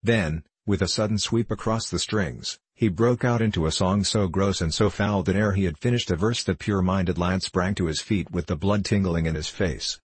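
Low, husky man reading a novel. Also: normal speed, hardly any pauses, dry recording. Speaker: narrator. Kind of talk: audiobook narration.

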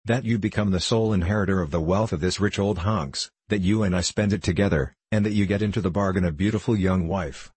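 A man voicing a scheming young man who presses his point in a slow, steady, insistent way. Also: deep voice, breathy edge, no echo.

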